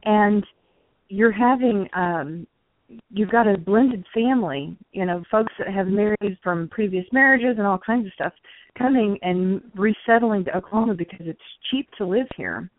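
A woman's voice: medium pitch, moderate pace, dry recording. Earnest woman on a tinny line. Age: 40s. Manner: earnest, preachy. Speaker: guest. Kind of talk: casual conversation. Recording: tinny phone line, dry.

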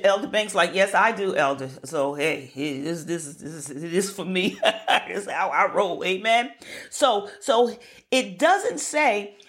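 A woman preaching a sermon to an online group, animated and laughing often, calling for responses from her listeners. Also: mid-range voice, slow pace.

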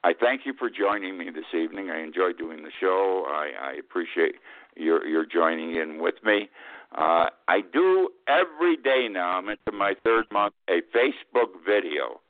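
A man's voice: low voice, expressive, normal speed, dry recording. An older man hosting a talk radio show, giving a rambling, folksy, opinionated monologue full of restarts. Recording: tinny phone-like radio line.

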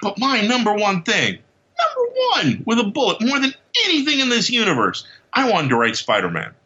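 A man guest on a podcast, telling stories in an animated, casual way, acting out quotes and laughing often. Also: sits high, fairly quick, highs cut off. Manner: lively storyteller who acts out quotes and laughs often. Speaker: podcast guest, comics writer.

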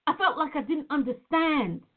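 A woman with a fairly high voice speaks earnestly and reflectively, calling her viewers "guys" in a casual spiritual talk. The sound is tinny and narrow, as if carried over a phone line. She comes across as a reflexologist from Nevada. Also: animated, normal speed. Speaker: reflexologist sharing a personal reflection.

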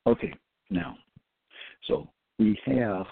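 Slow, gravelly man on a phone line. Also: lowish voice, huge pitch swings, dry recording. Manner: halting, with many fillers and restarts; emphatic, drawn-out scripture quoting. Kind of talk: religious teaching talk. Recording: tinny phone-line audio, dry.

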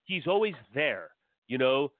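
A man's voice: mid-range voice, very animated, a little slow. A man co-hosting a podcast, talking emphatically and profanely, and poking fun at himself. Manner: emphatic, profane, self-mocking. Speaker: podcast co-host. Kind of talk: casual movie chat. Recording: tinny phone-like line.

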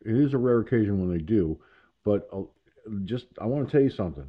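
Talking fast with lively intonation, a man with a lowish voice runs a relaxed internet talk radio program, rambling and laughing at himself in little asides. The sound is muffled lo-fi web radio.

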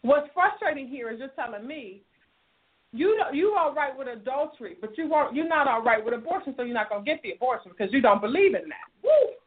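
A high-pitched woman hosts an advice talk show. She lectures a listener with emphatic, sermon-like fervor and her pitch leaps all over the place. The sound is thin and tinny, like a phone line. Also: lively intonation, fast talker. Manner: emphatic, scolding, impassioned, sermon-like. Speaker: relationship talk show host.

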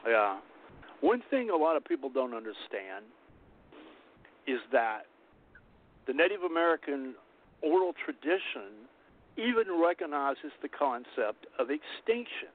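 A man's voice: on the high side, sing-song, unhurried, pauses often. Man talking over a tinny line. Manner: earnest, rambling with restarts. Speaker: interview host. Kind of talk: casual interview chat.

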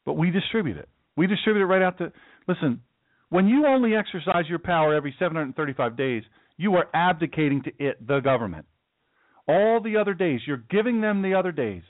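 A male talk show host rails through a heated political monologue from his studio, hammering points home and tripping over restarts. His voice sits a bit high. The sound is dry and thin, like a phone line. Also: expressive, fairly quick, no echo. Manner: emphatic, repetitive, stammering restarts.

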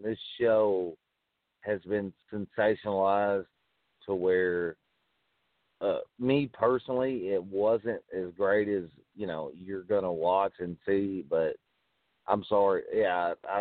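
A man's voice: low-pitched, unhurried, no echo. A man co-hosting a podcast, rambling and hedging in casual profane talk. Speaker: podcast co-host. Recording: dry, phone-like narrow sound.

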